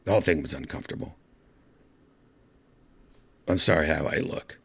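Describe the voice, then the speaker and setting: A man's voice: extremely low pitch, moderate pace, vocal fry, slightly rough. A man hosting his own show, telling a rambling story and putting on voices for the people in it. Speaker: podcast host. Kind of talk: casual storytelling vlog.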